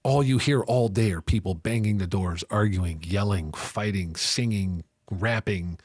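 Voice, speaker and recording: Low husky-voiced man telling his story. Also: unhurried, a little mellow, no room sound, studio quality. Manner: earnest, acts out prison conversations with raised voices. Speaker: interview guest. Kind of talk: candid interview storytelling.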